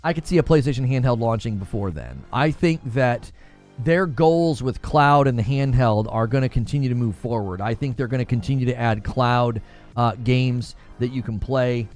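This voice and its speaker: A man's voice: medium pitch, normal speed, darkish tone, soft background music. A man hosting a live gaming-news stream, talking emphatically, often stumbling and repeating himself, and reading chat questions aloud. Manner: emphatic, repetitive, stumbles over words.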